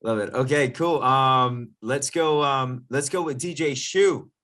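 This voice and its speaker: A man's voice: mid-range voice, a little slow, fairly bright tone. A man as a DJ instructor, leading a casual online workshop in an upbeat, chatty, jokey way over a video call.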